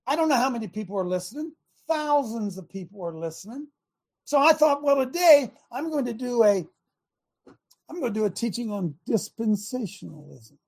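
A man hosting a talk show, preaching in a fiery monologue that shouts for emphasis. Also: extremely high pitch, husky.

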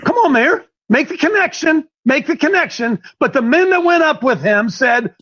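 High-voiced guy leading bible study, animated, dull lo-fi sound. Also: a little slow, few pauses. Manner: animated, voices characters in strained cries. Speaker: Bible study leader, called coach. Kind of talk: group Bible discussion.

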